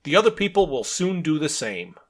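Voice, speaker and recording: A man's voice: fairly high pitch, big pitch swings, brisk. A man voicing a smug, blustering eccentric detective from a comic, with a self-assured, knowing delivery.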